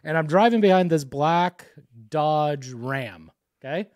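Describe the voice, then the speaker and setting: A man's voice: on the high side, slow, dry recording. A man co-hosting a podcast, telling a story in casual chat and swearing freely. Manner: animated storyteller, swears a lot. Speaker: podcast co-host.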